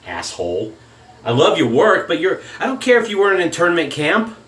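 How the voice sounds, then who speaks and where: A shaving vlogger with a drawl unleashes a blunt, profane political rant in a home video, angry and animated. His voice is a little high for a man and a bit bright, he talks fast, and the sound echoes off a hard room.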